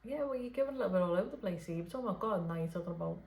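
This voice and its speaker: In an unscripted late-night channelling session, a woman playing a spirit medium talks softly, hesitating and restarting with many fillers. She has a lowish voice with lively intonation, speaks very fast, and sounds reverberant.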